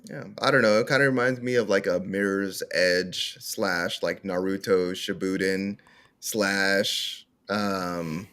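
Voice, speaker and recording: Male podcast co-host, slightly low voice, casual and rambling, heavy use of filler words. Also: fairly even intonation, slow, sharp tone, clear, resonant tone. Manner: rambling, lots of "like". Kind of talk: casual chat.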